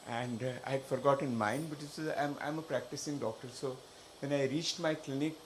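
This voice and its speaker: A man sharing a personal story at a workshop, halting and hesitant with many fillers and restarts. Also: mid-range voice, steady tone, slight background noise. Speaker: workshop participant. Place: workshop room.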